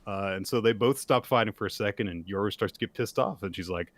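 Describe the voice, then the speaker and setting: Male podcast co-host, lower voice, dry close mic, lively recap delivery. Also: fast talker, no room sound. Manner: animated, acts out character lines with laughter. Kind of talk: casual manga recap chat.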